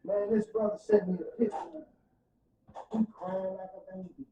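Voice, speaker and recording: A man with a St. testifies with the fervor of a preacher, dropping to a hush and then rising loud. His voice is mellow and dark, heard from some distance in a roomy space. The sound is dull and a little lo-fi. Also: sits high, little pitch movement, normal speed, a little hiss or hum. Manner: fervent, preacher-like, swings from soft to loud. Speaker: podcast guest. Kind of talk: emotional testimony in casual podcast talk. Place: podcast studio room.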